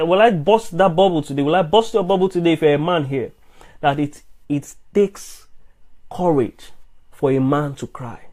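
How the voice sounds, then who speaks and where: Earnest preacher, higher-pitched man. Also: a little mellow. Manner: earnest, repetitive, stammering restarts. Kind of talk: sermon.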